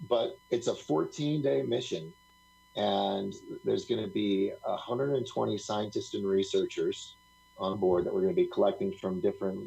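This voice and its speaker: There's a gravelly, low-set voice here, a man rambling through stories as a guest on a live stream. His tone is husky and breathy, and he laughs often and acts out other people's lines as he talks. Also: mellow, rough recording. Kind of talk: casual storytelling on a live talk stream.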